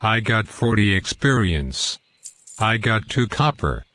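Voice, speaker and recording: A man narrating a game walkthrough, deliberately reading out lore and in-game quotes. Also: fairly low pitch, big pitch swings, fairly bright tone. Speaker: gameplay commentator.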